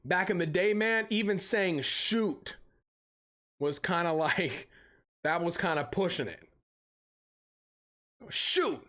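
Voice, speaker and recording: A man's voice: high-pitched, unhurried. Cussing young man ranting on stream. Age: young adult. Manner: profane ranting with animated storytelling. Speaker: game streamer. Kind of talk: casual live-stream chat.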